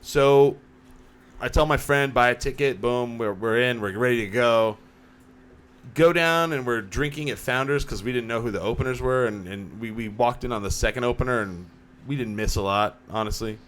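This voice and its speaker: Male co-host, mid-range voice, animated storyteller, casual banter. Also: medium pitch, moderate pace. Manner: animated storyteller, acts out quotes. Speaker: podcast co-host. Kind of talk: casual chat. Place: small home studio.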